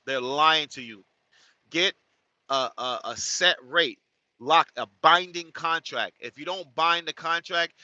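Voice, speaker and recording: Bright, forceful slangy trucker man. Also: on the high side, no room sound, muffled recording. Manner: animated, repetitive, slangy. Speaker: truck driver vlogger. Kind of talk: casual monologue to viewers.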